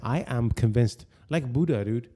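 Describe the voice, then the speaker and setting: A man co-hosting a podcast, rambling and joking excitedly in casual banter. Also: mid-range voice, unhurried. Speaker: podcast co-host.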